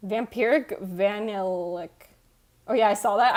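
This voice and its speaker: A woman's voice: a little high, lively intonation, normal speed, a little mellow. Rambly, casual woman streamer. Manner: rambling, self-interrupting and swearing casually. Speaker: livestreamer. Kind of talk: casual chat reading out viewer comments. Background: faint background music.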